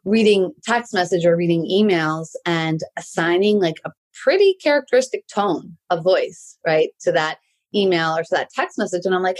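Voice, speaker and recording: A woman coaching listeners in a relaxed solo talk, often checking in with "right?". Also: on the low side, moderate pace. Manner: conversational, tags many sentences with "right?". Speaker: life coach.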